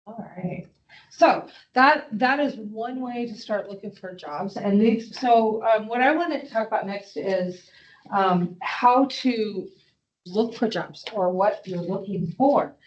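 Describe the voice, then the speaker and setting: A woman's voice: medium pitch, slow pace, roomy sound, a little hiss or hum. Casual woman presenting to students. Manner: informal, hesitant, many fillers. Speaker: psychology professor. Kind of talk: classroom presentation. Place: classroom. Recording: dull lo-fi room recording.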